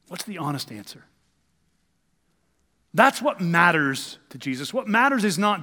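A man's voice: high voice, sing-song, normal speed, long pauses, pushed and bright, long reverb tail. A male pastor preaching a sermon in a church, talking conversationally with rhetorical questions and emphatic swings.

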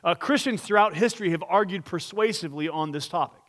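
A man's voice: sits high, fast, fairly bright tone. A man pastor preaching a sermon, earnest and direct, asking the congregation rhetorical questions and reading scripture aloud.

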